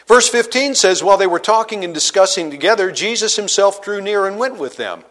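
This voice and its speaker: A man preaching a sermon, reading scripture aloud and retelling it in everyday words, dropping low and quiet to stress key points. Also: lively intonation, brisk. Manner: expository preaching, reads scripture aloud and paraphrases it conversationally; dynamic delivery, drops low and quiet for emphasis. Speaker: pastor.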